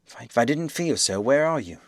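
A man's voice: medium pitch, expressive, brisk, dry recording, clean studio sound, voice pushed up, close to an everyday voice. A man voicing a bewildered, frightened man who asks raised, agitated questions. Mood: flustered.

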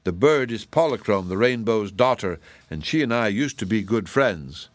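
A man voicing a calm scarecrow bear. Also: lowish voice, normal speed, no echo, lightly acted. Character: calm male scarecrow turned stuffed bear.

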